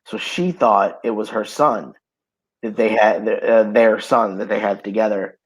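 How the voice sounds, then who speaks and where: His voice sits on the low side, husky and measured, captured in a low-quality recording. Hiccuping through it, this male podcast co-host chats casually from home, telling laid-back stories full of fillers.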